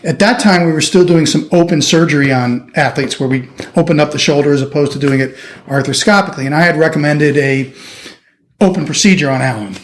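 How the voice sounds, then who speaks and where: A middle-aged surgeon from the United States telling a lively anecdote in an interview, acting out the people he quotes. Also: a little high, a little fast. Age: 50s. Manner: animated anecdotal storytelling, acting out quoted voices. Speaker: orthopedic surgeon guest. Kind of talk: storytelling interview.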